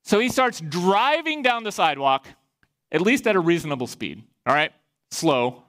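Bright-voiced man from iowa, pastor doing a sermon, really animated and up and down. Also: high-pitched, normal speed. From Iowa, USA. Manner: animated storyteller, acts out quoted voices. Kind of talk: sermon with personal storytelling.

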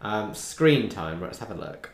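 A man's voice: fairly low pitch, very animated, measured pace, creaky. A man co-hosting a podcast over a remote call, chatting casually and laughing easily. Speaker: podcast co-host. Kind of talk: casual chat. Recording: roomy echo.

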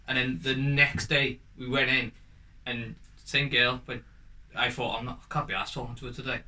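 A man's voice: mid-range voice, steady tone, moderate pace, sharp tone, poor audio. A young man with a Liverpool accent, chatting on a podcast and telling funny stories, swearing freely. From Liverpool, England. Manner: chatty storyteller, swears freely, laughs through his own stories. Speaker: podcast co-host. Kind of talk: casual chat, storytelling.

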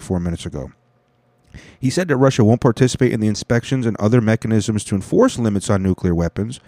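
A man's voice: fairly low pitch, dark tone, dry recording. A man casually reading a news article aloud, interrupting it with sarcastic, profane jokes. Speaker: commentator reacting to a news article.

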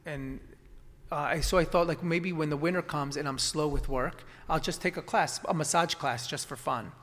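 A man with a slightly high voice recounts his past in a relaxed conversation. He rambles, restarting sentences and filling gaps with ums and "you know". A long reverb trails after his words. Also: normal speed. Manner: rambling, many restarts and fillers. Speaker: acupuncturist guest. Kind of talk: casual storytelling conversation.

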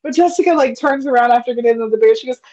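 A woman's voice: a little high, racing, a little mellow. A young woman co-hosting a casual podcast, chatty and rambling, laughing often. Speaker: podcast co-host. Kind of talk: casual chat. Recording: slightly dull lo-fi sound.

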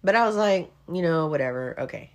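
A woman's voice: low-pitched, a little fast. A woman, hosting a casual chat and telling a comic story, often checking in with "okay?". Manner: animated, keeps checking in with "okay?". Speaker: podcast host.

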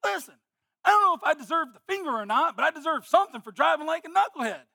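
A man preaching a sermon, moving between earnest teaching and animated, exclamatory storytelling with sudden loud bursts. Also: very high voice, quick pace, gravelly, no echo, studio quality. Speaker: pastor.

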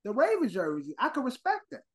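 A man's voice: very high-pitched, wildly swooping pitch, fast talker. A man co-hosting a podcast in casual sports banter, teasing the others and talking over them. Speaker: podcast co-host.

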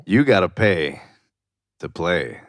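A man's voice: low-pitched, very animated, takes it slowly, dry recording. A man co-hosting a comedy podcast, riffing crudely in casual banter. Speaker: podcast co-host.

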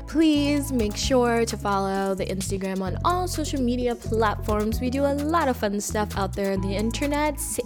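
A young woman hosting her own podcast, talking alone in a chatty, animated way and saying "like" a lot. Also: on the high side. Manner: chatty, animated, heavy use of "like". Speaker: podcast host. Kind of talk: casual solo podcast monologue.

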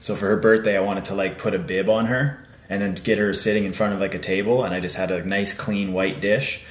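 A man with a fairly low voice talks in a laid-back, rambling way, thick with fillers and casual swearing. He co-hosts a relaxed podcast chat, and the sound carries a roomy echo. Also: fairly quick. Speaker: podcast co-host.

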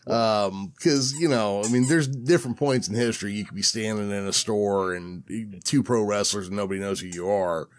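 Man, low voice, podcast host, easygoing, hesitant questions. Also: normal speed, hardly any pauses. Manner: relaxed, agreeable, hesitant when asking. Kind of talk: casual chat.

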